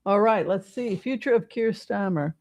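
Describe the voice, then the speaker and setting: A tarot reader hosts a casual stream, talking in a meandering, halting way, full of "um"s and restarts. The voice sits at a middle pitch. The sound is dry, with no room echo. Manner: rambling, hesitant, many fillers and restarts. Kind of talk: casual livestream commentary with tarot reading.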